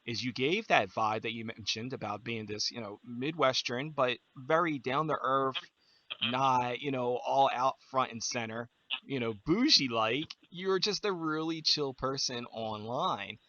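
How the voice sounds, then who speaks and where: A man with a Philadelphia-New Jersey accent, hosting a podcast and chatting relaxed with his guest. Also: mid-range voice, a little slow, no room sound. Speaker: podcast host. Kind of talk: casual interview. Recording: dull, dry, lo-fi sound.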